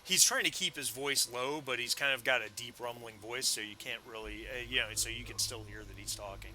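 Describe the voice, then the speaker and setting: A man's voice: medium pitch, a little fast, bright, forceful tone, slight background noise. Rambling male game master. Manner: rambling, many ums and restarts. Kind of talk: narrating a tabletop game.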